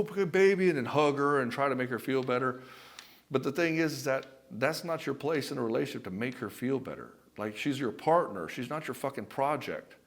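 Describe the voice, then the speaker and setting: A man with a mid-range voice speaks as a relationship coach, blunt and emphatic. He swears casually, tells stories from his own life, and calls the listener brother. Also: mid-range voice. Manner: addresses the viewer as brother; tells personal anecdotes. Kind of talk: direct-to-camera coaching talk.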